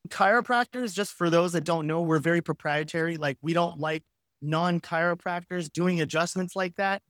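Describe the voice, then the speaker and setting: A man in his forties, a guest telling a personal story with frank, animated and casually profane talk. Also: a little high, moderate pace, no echo, clean studio sound. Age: 40s. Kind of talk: candid storytelling in conversation.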